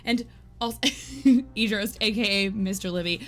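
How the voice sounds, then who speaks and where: A woman's voice: mid-range voice, measured pace. A woman live-streaming a game, chatting casually with viewers in a rambling, giggly way full of "like". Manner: giggly, animated storytelling. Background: faint game music.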